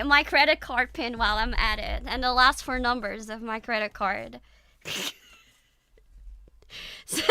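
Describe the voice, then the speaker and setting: Woman, young adult, VTuber stream chat, playful teasing, bright tone, dry close sound. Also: high-pitched, clean tone, dry recording.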